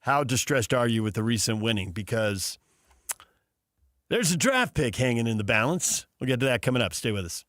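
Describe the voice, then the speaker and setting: A morning sports radio host chats and tells stories with an easy, joking manner. His voice sits at a middle pitch. The studio sound is dry and close. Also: expressive, normal speed, a bit bright, no room sound. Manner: chatty storyteller, laughs often.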